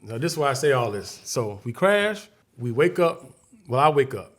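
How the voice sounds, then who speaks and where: A man's voice: medium pitch, big pitch swings, normal speed. A man from Chicago, a guest comedian, telling a story in a casual interview, acting out scenes and voices vividly.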